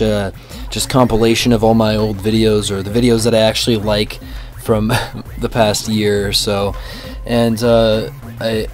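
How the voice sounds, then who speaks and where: A young man doing casual reaction commentary, excitable, crude and jokey, swearing often. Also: fairly low pitch. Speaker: YouTube commentary creator.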